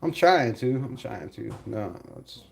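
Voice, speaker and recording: A man hosting a casual live stream, animated, laughing often and talking to his chat. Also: medium pitch, unhurried, gravelly.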